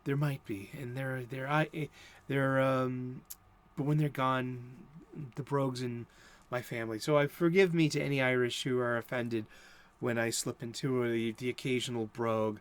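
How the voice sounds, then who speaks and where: A man's voice: medium pitch, fairly even intonation, moderate pace. A middle-aged American man hosting a casual chat, rambling with many fillers and restarts. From United States. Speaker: host.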